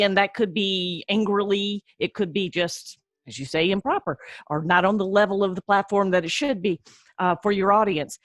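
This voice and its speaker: A woman's voice: mid-range voice, no echo, studio quality. Agreeable woman co-hosting a podcast. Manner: agreeable, conversational, loose. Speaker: podcast co-host. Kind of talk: casual podcast talk.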